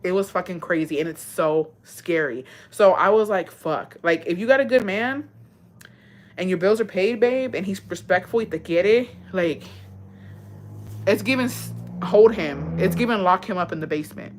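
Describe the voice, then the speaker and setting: A woman's voice: lowish voice, moderate pace. A woman chatting casually and bluntly, swearing freely and dropping Spanish phrases into her talk. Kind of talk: casual chat.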